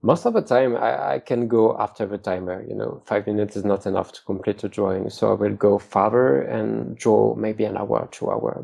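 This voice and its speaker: Gravelly French-accented man, hesitant. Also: fairly low pitch, dark tone. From France. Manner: hesitant, repeats words while searching for them. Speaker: guest, concept artist. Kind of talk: casual interview talk.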